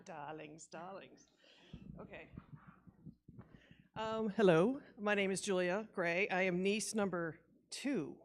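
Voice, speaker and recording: A woman of medium pitch and fairly even intonation delivers a slightly slow, informal eulogy for her aunt in a church. She rambles, laughs a lot, and jokes at her own expense while recalling memories.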